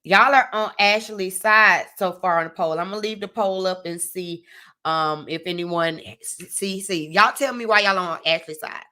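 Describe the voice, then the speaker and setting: Bright-voiced chatty woman recapping TV. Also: fairly low pitch, moderate pace. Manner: chatty, addresses viewers directly, frequent "like" and "you know what I'm saying". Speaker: reality TV recap host. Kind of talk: casual live-stream episode recap.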